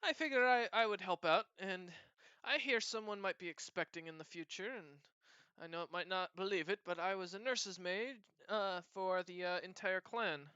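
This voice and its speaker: A man's voice: high-pitched, normal speed, pushed and bright, smooth, no echo, highs cut off, pitched above the performer's own voice. A man voicing a cheerful, catlike female bodyguard and former clan nursemaid who talks eagerly.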